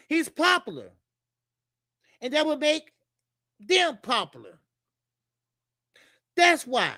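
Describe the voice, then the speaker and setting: Middle-aged guy ranting about boxing on his stream, cussing, repeating himself, bright punchy voice, dry close sound. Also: very high voice, no room sound. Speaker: boxing channel host. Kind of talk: live-stream commentary, reading chat.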